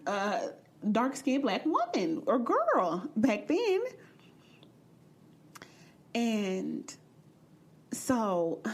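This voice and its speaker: A young woman from the American Midwest hosting a podcast, telling a personal story in a blunt, profane and animated way. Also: fairly high pitch. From Midwestern United States. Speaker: podcast host. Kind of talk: candid storytelling monologue.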